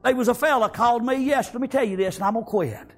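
A man's voice: very high voice, rapid-fire. A middle-aged man, preaching a fervent sermon and calling out for amens. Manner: fervent, calls out "Amen?" and "praise God".

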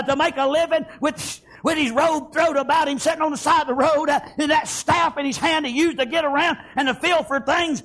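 High-pitched shouting preacher. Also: male voice. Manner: shouting, sing-song preaching with frequent amens. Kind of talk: sermon.

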